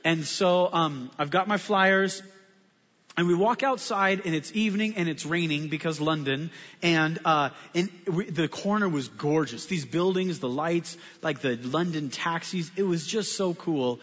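A man, a pastor, telling a story in a sermon with animated, self-mocking humor. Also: a little high, unhurried. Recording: muffled sound with long hall reverb.

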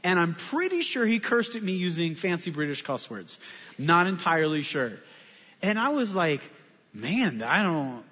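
A man, a pastor, telling a story in a sermon with animated, self-mocking humor. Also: high-pitched, normal speed. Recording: muffled sound with long hall reverb.

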